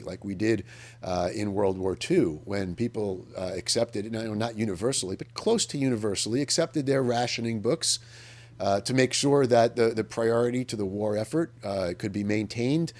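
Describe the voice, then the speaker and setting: A man's voice: medium pitch, animated, moderate pace, a little mellow. A man hosting a public affairs radio commentary, talking earnestly and emphatically in an unscripted monologue, often restarting his sentences as he thinks aloud. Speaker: radio host.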